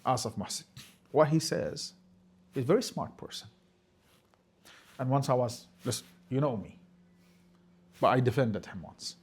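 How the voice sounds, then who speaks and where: A man giving a religious lecture, talking emphatically and sometimes rising to forceful scolding, with Arabic phrases mixed in. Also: medium pitch, animated, moderate pace, pauses often, breathy edge. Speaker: religious teacher.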